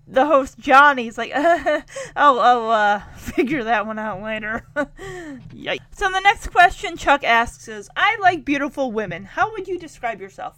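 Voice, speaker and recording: A woman's voice: high voice, no echo. A woman hosting a podcast, casually retelling a show and acting out the characters' lines. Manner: animated, acts out characters' lines. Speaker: podcast host.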